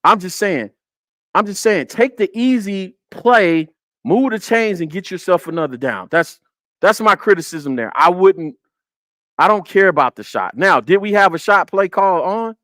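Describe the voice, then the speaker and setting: A man's voice: sits high, lively intonation, normal speed, fairly bright tone, no echo. A man hosting a casual football film breakdown on a live stream, repeating his points and talking to the chat.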